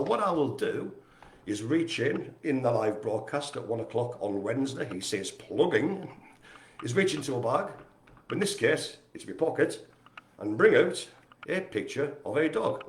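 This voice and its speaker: Cheery host, lively up-and-down delivery, self-mocking waffle, echoey room. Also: male voice, mid-range voice, a little hiss or hum. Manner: chatty, jokey, rambling, self-mocking. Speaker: host of a live community broadcast. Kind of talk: casual live-stream chat.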